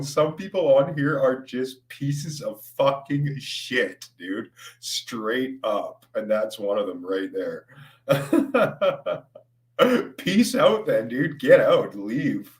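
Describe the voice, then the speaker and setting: Sounding distant in a roomy space, a stoned young man chats on a livestream, rambling, laughing a lot, cursing freely and calling people "dude." His medium-pitched voice is expressive, with drawn-out words.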